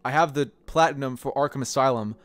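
A man casually chatting on a gaming stream, excitable and laughing often. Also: medium pitch, quick pace, no echo.

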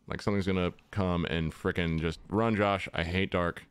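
A young gaming channel host with a low, clean voice commentates his own gameplay at normal speed with fairly even intonation. His casual let's-play talk is chatty and jokey, and he addresses the enemies on screen.

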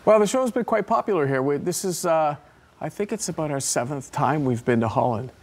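A man's voice: a little high, animated, a little fast. Man telling stories in a TV interview. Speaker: tribute performer guest. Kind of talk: live studio interview. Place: TV studio.

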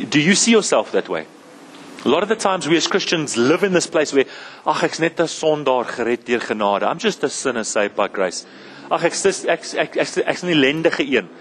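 A South African man preaches to his congregation in a husky voice that sits fairly high. He repeats himself and restarts phrases as he presses each point, pausing to ask "Amen?". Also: low-quality recording. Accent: South African English. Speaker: pastor. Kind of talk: sermon.

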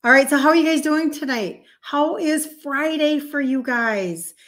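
A woman's voice: high-pitched, measured pace, a bit bright. Chatty Minnesotan woman hosting a live stream. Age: 50s. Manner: chatty, greets viewers and answers comments on the fly. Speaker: host, health coach. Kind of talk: live-stream chat with viewers.

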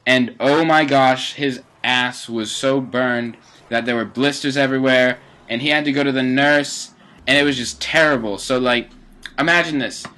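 A man's voice: medium pitch, steady tone, normal speed, sharp tone. A teenage boy giving casual, rambling commentary over his gameplay, with lots of fillers and self-corrections. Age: teens.

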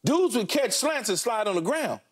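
A middle-aged man co-hosting a sports talk show, telling stories about his playing days in animated, punchy fragments with lots of repeats. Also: extremely high pitch, moderate pace, slightly rough. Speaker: sports talk show co-host, former NFL receiver. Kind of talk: casual sports talk storytelling.

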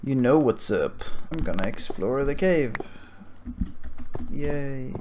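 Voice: mid-range voice, expressive, takes it slowly, a little mellow. A gamer giving casual gameplay commentary, jumpy and exclaiming often. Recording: noisy, with mouse clicks.

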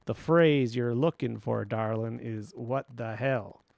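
A man voicing an easygoing young man with a thick Texas accent and a pleasant, slow drawl. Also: mid-range voice, gravelly, a little mellow, no echo.

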